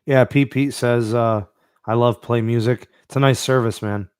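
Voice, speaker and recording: A man's voice: medium pitch, steady tone, moderate pace, clear, resonant tone, no room sound. Casting: easygoing male podcast host, mid-range voice, dry close mic, loose chatty delivery. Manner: laid-back, reads out live chat, many fillers. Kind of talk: live-stream podcast chat.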